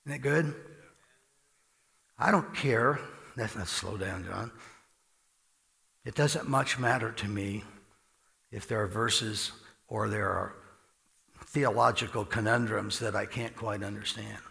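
A man preaching a sermon as pastor, animated and conversational, with a dry mouth. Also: on the low side, takes it slowly, vocal fry, long pauses, big-room sound.

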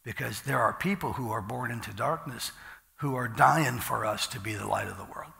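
Gravelly, bright-voiced preacher in a reverberant hall. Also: male voice, medium pitch, moderate pace. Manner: animated, conversational preaching with acted asides. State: dry mouth from medication. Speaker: pastor. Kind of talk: sermon.

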